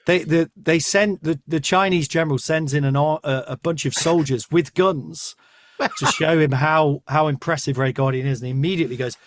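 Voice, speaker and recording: Male host, casual comic chat, animated rambling teller, dry studio sound. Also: a little high, normal speed, dry recording. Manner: rambling, animated storytelling with asides. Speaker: podcast host.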